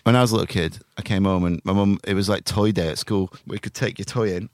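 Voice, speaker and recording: Fast-talking man, low voice. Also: steady tone, a little mellow, no room sound, clean studio sound. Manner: fast, joking, acts out quotes. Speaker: podcast co-host. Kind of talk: casual sweary banter.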